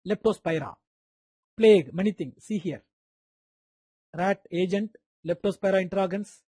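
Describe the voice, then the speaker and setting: In a dry recording, a man with an Indian English accent leads a live online medical lecture, his high-sitting voice mellow and slightly rough at a moderate pace. Key terms get repeated, students are quizzed by name, and playful sound effects pop up throughout.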